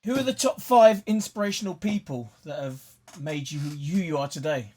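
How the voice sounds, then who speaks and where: Male interview host, brief and responsive, husky, a touch high. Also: normal speed, a little mellow. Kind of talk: interview questions.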